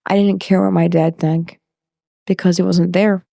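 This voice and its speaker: A woman's voice: fairly low pitch, flat delivery, creaky, mellow, no room sound, clean studio sound. A woman from New York talking loosely as a podcast guest, full of fillers and tangents. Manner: slow, loose and talkative, with fillers. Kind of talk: casual interview chat.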